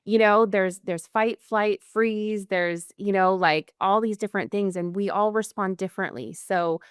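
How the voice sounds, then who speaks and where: A woman's voice: mid-range voice, fairly even intonation, a little slow, clean tone, dry recording, clean studio sound. A woman guest on a podcast talking candidly and earnestly, in loose phrases full of fillers. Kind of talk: candid conversational interview.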